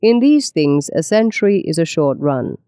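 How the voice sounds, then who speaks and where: A narrator voicing a pompous aristocratic Austrian professor with a Viennese accent, theatrical and portentous. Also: male voice, fairly high pitch, very animated, normal speed, warm tone, smooth, no room sound, clean studio sound. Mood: declaiming.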